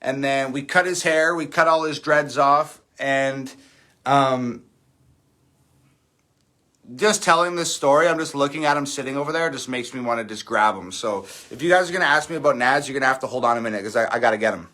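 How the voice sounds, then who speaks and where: A man's voice: mid-range voice, fairly quick, pushed and bright. A man chatting casually on a livestream, rambling and candid with frequent fillers and the odd curse word. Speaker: livestream host.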